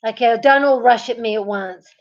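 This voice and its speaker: A woman's voice: a little high, normal speed. A woman hosting a casual live stream, teasing viewers by name and laughing a lot as she reads the chat. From Melbourne, Australia. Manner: giggly, teasing, talks to chatters by name. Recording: dull lo-fi stream audio.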